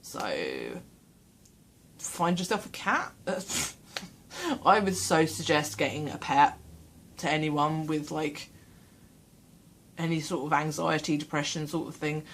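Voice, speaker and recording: A woman's voice: low voice, measured pace, long pauses. A woman in a casual home vlog, chatting in a rambling, self-deprecating way from a small room, speaking into her camera mic. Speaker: vlogger.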